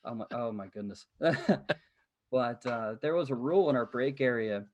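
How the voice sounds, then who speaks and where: A man from Pennsylvania, a podcast guest, telling work stories in an animated, easygoing way. He speaks at an ordinary middle pitch, laughs now and then, and fills pauses with "um.". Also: dull audio. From Pennsylvania, USA. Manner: animated, laughs often, many fillers like "um". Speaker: podcast guest, living-history interpreter. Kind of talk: casual storytelling in an interview.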